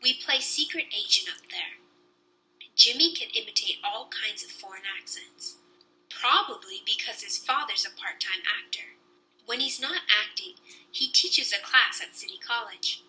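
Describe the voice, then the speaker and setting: A young woman reading a children's book aloud with lively storytelling. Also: a little high, moderate pace, poor audio.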